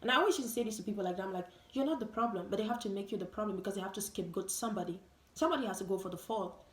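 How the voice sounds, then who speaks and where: A woman's voice: medium pitch, very fast. A woman vlogger giving an emphatic, repetitive monologue full of rhetorical questions. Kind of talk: opinion vlog monologue. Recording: roomy echo.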